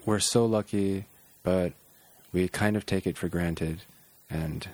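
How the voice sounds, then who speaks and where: Super deep voiced host guy, chill, says "like" a lot, wondering out loud. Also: slow. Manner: relaxed, musing, many "like" fillers. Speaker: podcast host. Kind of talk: casual interview chat.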